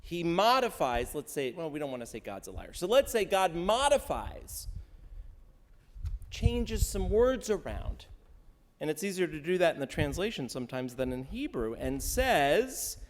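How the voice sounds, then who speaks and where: A male rabbi teaching from the pulpit in a conversational, jokey way, tossing questions out to the congregation. His voice sits a bit high for a man and swings around animatedly. The sound carries a long reverb from the sanctuary around him. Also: big pitch swings, a little slow. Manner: conversational, quizzes the congregation, wry humor. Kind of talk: interactive sermon teaching the weekly Torah portion. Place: synagogue sanctuary during a service.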